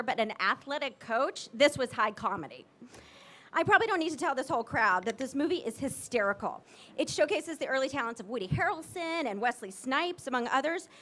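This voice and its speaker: Woman in her 40s, high voice, emotional tribute speech, excited, gushing. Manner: gushing, excited and teary, quick asides. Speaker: tribute speaker at a ceremony.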